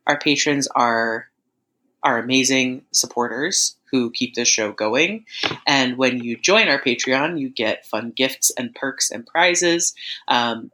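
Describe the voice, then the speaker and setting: A woman's voice: rumbling low, sharp tone, rough recording. A woman co-hosting a casual comedy podcast, chatty and giggly, who also reads the show's plugs. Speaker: podcast co-host.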